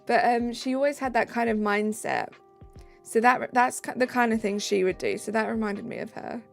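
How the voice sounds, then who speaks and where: A woman's voice: on the high side, moderate pace, gravelly. A British woman streaming live, chatting casually and reading out viewer comments. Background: faint background music.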